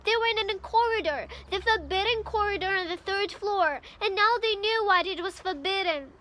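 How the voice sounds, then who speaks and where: A woman's voice: very high-pitched, moderate pace, bright, forceful tone. A woman from Ukraine reads a novel aloud in English, reading carefully and sometimes stumbling and restarting. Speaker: reader.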